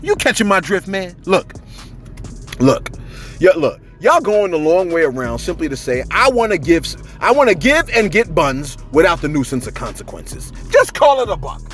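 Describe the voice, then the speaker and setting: A man giving casual, slangy celebrity gossip commentary, with big emphatic swings for effect. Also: moderate pace. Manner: animated, slangy, jumping pitch for emphasis.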